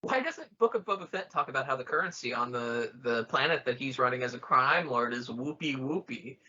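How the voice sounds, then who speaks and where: Bright-voiced man, casual podcast banter. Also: medium pitch, animated, a little fast, breathy edge, dull audio. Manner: joking, swears often. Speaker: podcast co-host. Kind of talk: casual film commentary chat.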